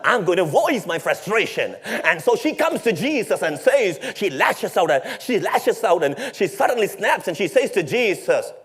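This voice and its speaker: A man's voice: sits high, sing-song, normal speed, few pauses. A male pastor preaching a sermon in a storytelling way, with rhetorical questions and playful asides to his congregation.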